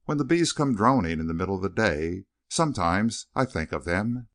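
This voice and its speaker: A man reading an audiobook, voicing a gentle, wistful elderly male servant who speaks in a soft Southern drawl. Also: low voice, expressive, moderate pace.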